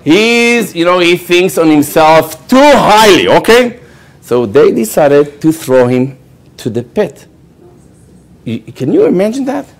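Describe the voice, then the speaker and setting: In a high voice with vocal fry and a slightly slow pace, a rabbi whose native tongue is Hebrew tells a Torah story to a live audience. He's animated throughout, imitating quoted voices and often asking "okay?".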